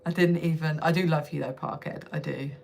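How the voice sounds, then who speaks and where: A woman's voice: deep voice, steady tone, fairly quick, vocal fry, darkish tone, a little hiss or hum. A young woman hosting a casual live stream from home on her phone, chatting with viewers, laughing often and swearing freely. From United Kingdom. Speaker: livestream host.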